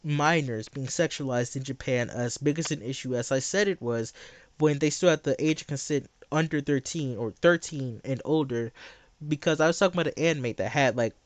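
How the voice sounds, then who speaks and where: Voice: medium pitch, normal speed, no room sound. A livestreamer ranting to chat in a blunt, sarcastic, exasperated way, repeating phrases for emphasis.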